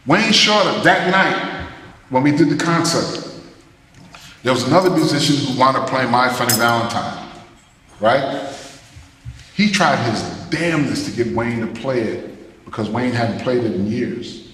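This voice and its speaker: A man, a jazz musician, talking to students in a loose, animated way, scatting rhythms as he tells stories. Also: mid-range voice, moderate pace. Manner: animated, scats rhythms, loose casual phrasing. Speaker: jazz musician giving a masterclass. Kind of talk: storytelling talk to students. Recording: echoey hall with long reverb, faint noise.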